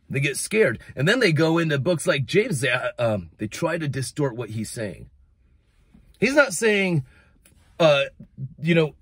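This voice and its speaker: An American man preaches into a close mic, his husky voice swinging high and low as he gets worked up and mocks the voices he quotes. The room is dry, with no echo. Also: moderate pace. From United States. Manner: animated, rising to near-shouting in emphatic passages, mocking quoted voices. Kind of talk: casual video sermon.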